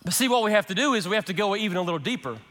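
A man preaching a sermon as pastor, conversational and animated, acting out quotes from the people in his story. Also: sits high, rapid-fire. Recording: reverberant hall.

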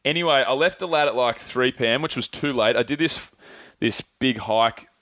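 Young Aussie male guest, relaxed storyteller, salty language, dry close sound. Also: mid-range voice, moderate pace, dry recording. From Australia. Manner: laid-back, swears freely, acts out quoted voices. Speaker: podcast guest. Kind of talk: casual storytelling chat.

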